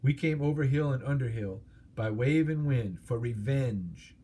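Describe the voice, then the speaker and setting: A small, nervous hobbit speaks up in a husky voice, polite to a fault and quick to flatter, as a man reads him aloud. The tone stays timid and careful, as in a storybook. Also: medium pitch. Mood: defiant.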